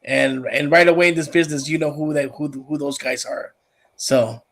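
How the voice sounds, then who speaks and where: Emphatic man with a bright voice. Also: fairly high pitch, fairly even intonation. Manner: slow, emphatic, repeats words. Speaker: co-host wrestler. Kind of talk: casual chat.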